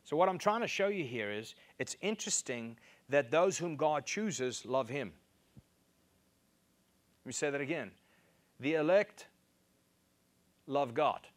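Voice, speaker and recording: A man's voice: animated, measured pace, pauses often. A man preaching a sermon, reading scripture and repeating key phrases for emphasis. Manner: emphatic, repeats key phrases, rises in pitch to stress points.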